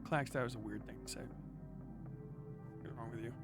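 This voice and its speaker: A man's voice: medium pitch, fairly even intonation, moderate pace, over music. Angry profane male streamer ranting. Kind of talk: livestream rant.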